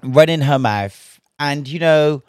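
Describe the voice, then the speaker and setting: A man's voice: on the high side, slow pace, smooth, no room sound, studio quality. A young man giving frank, casual opinion commentary, often sighing and restarting his sentences. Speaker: commentary vlogger.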